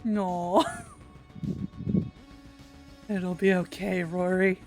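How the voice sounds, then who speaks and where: A woman's voice: on the low side, level tone, very slow, faint music behind. A woman playing in a live-streamed tabletop role-play, reacting with amused questions and laughter. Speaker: player. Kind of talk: casual role-play chat.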